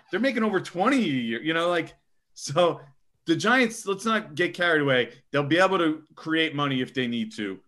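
A young man giving casual sports podcast analysis, emphatic and animated, often tacking on "okay?". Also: a little high. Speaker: co-host.

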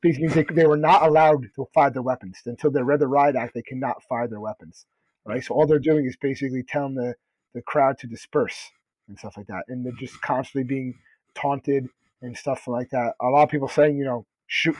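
A man's voice: mid-range voice, fairly even intonation, a little fast, darkish tone, dry recording. A man co-hosting a podcast in casual chat, loose and rambling with lots of "like". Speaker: podcast co-host. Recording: dull lo-fi recording.

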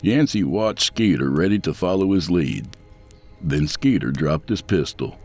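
A man narrating an audiobook thriller in an expressive storytelling manner, voicing all the characters. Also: sits low, a little slow, soft background music. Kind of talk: scripted narration.

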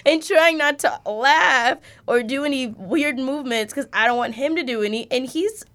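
A young woman, a mother and podcast host, telling a story in casual chat, expressive, swearing and laughing often. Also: sits high, moderate pace.

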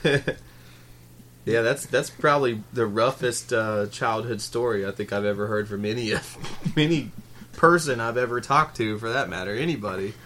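A man's voice: mid-range voice, normal speed, fairly bright tone, a little hiss or hum. A man co-hosting a podcast, chatting casually and laughing easily.

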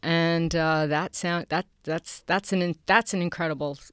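Speaking into a studio mic with no echo, a guest actress, middle-aged and from Queens, chats through a casual interview in a New York accent. She laughs a lot and keeps restarting sentences, her low, clean voice moving at a moderate pace with fairly even intonation.

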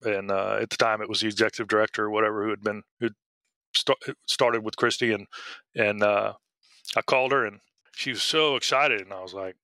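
A middle-aged man, a police dog handler, telling his story in a casual interview, halting with fillers and restarts. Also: lowish voice, steady tone, sharp tone, no room sound.

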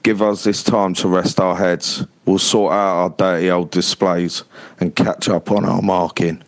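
A man with a Cockney accent reciting a deadpan parody prayer as a voice message. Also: low-pitched, a little slow, slight background noise, poor audio. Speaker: teacher sending a voice message.

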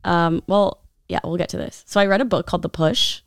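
Low, smooth-voiced woman podcast co-host. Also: steady tone, brisk, no room sound, clean studio sound. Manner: chatty, self-deprecating, laughs often. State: voice rough and harsh after a loud night. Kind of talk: casual chat.

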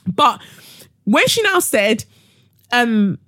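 A woman's voice: fairly high pitch, sing-song, very slow, fairly bright tone, dry recording, clean studio sound. A woman hosting a solo podcast, ranting heatedly with profanity and sarcasm. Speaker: podcast host.

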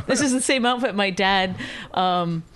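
A woman's voice: mid-range voice, unhurried, fairly bright tone, slight background noise. A woman co-hosting a show, arguing in casual banter, swearing freely and using lots of fillers. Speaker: co-host reacting to a comedy clip.

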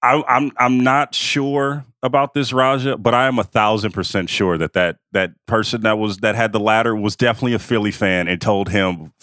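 A man's voice: on the low side, steady tone, moderate pace, few pauses, fairly bright tone, dry recording, clean studio sound. A man co-hosting a podcast, telling a sports story in casual chat with lots of repeated phrases. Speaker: podcast co-host.

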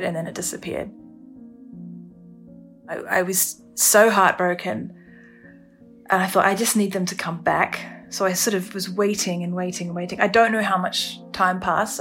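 A woman telling her own story on a podcast, halting and emotional, with many restarts. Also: medium pitch, a bit bright. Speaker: storyteller recounting her ordeal. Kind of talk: candid first-person podcast testimony.

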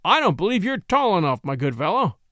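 A man's voice: high-pitched, big pitch swings, brisk, fairly bright tone, dry recording, clean studio sound. A man playing a genial, polite young lawyer. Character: genial young male lawyer stuck up a ladder.

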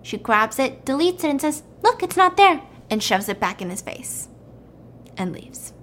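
A woman chattily retelling a film plot to a friend, animated and checking in with her listener. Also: a little high, moderate pace.

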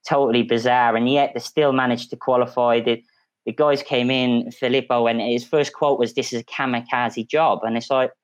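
A man's voice: medium pitch, moderate pace, dry recording, rough recording. A man on a football podcast panel telling a long story in a casual, chatty way with frequent restarts. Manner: storytelling, animated, many restarts.

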